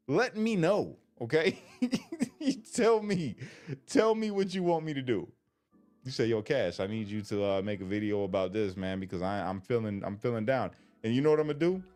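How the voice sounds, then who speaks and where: A man's voice: mid-range voice, darkish tone. A man giving a casual preaching livestream, slangy and conversational, repeating his points and laughing often. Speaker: faith livestreamer.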